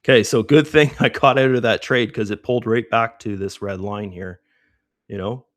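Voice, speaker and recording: A chatty middle-aged man talks through his trades on a live stream with a lowish voice. He keeps tossing in "right?" as he goes, and the sound is dry and close. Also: steady tone, normal speed, no room sound. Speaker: trading stream host. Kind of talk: live trading commentary.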